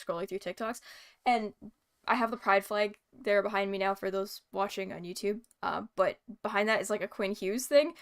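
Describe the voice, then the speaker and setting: Bright, smooth-voiced young woman chatting. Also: mid-range voice. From British Columbia, Canada. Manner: chatty, rambling with many fillers and laughs. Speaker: guest. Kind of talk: casual chat.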